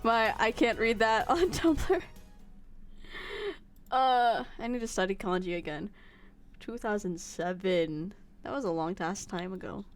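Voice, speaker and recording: A woman's voice: mid-range voice, expressive, faint music behind. A woman streaming a game, chatting casually with her viewers and poking fun at herself. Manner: chatty, self-mocking, quick to laugh.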